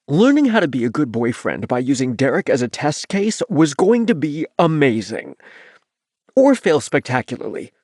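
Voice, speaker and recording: A man narrating a first-person novel as an audiobook, reading in an expressive way. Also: medium pitch, normal speed, dry recording, studio quality.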